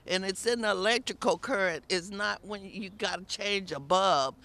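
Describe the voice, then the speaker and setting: A woman tenant giving emotional testimony at an outdoor rally, exasperated and sometimes shouting. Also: mid-range voice, normal speed.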